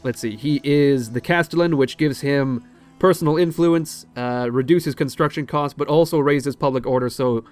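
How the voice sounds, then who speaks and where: A man's voice: a little high, normal speed, soft background music. Chatty, swearing game commentator, man. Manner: chatty, digressive, swears casually. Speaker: let's play host. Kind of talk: casual gameplay commentary.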